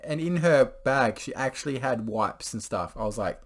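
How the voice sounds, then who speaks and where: A man's voice: medium pitch, expressive, moderate pace, few pauses. A young man casually telling a story to camera, rambling and crude, full of swearing and filler words. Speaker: vlogger.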